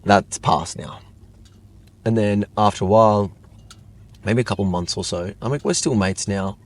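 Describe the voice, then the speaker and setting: A man's voice: lowish voice, normal speed. A young man telling a long personal story in casual chat, rambling with lots of fillers. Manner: rambling, lots of "like", animated retelling. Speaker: guest.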